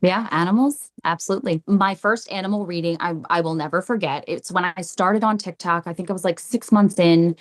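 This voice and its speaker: Speaking fairly quickly and barely pausing, a woman with a voice on the low side tells stories as a guest on a podcast. She's a psychic medium, and she animatedly acts out people's words, repeating phrases.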